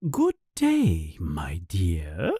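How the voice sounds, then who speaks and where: A storyteller voicing an eccentric older female seer teacher who talks in an airy, fussy way and booms in a trance. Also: huge pitch swings, drawn-out words, dark tone, husky, no echo, clean studio sound, heavily acted. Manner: airy and fussy, then booming trance prophecy.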